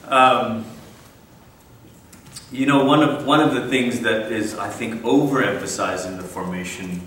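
Speaking unhurriedly in a lowish voice with a fairly bright tone, a male speaker gives a conversational, wry church conference talk, frequently interrupting himself with asides. It's recorded in an echoey large room with a distant mic and a little hiss or hum.

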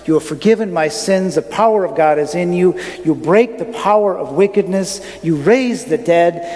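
A man's voice: sits high, moderate pace, a little mellow, lightly acted. A man voicing a humbled fisherman disciple who makes earnest, solemn declarations of faith within a sermon. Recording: long reverb of a large hall.

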